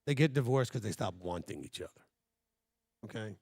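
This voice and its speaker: A man's voice: on the low side, animated, normal speed, a little mellow, husky, no room sound, clean studio sound. A man leading a congregation as its rabbi, teaching in a conversational and emphatic way, speaking straight to the listeners.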